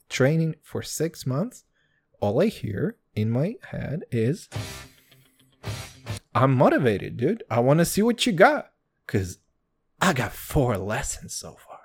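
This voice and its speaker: A man hosting a solo podcast, rambling in a profane, jokey, self-mocking way and swinging between loud and quiet. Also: mid-range voice, slightly rough. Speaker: podcast host.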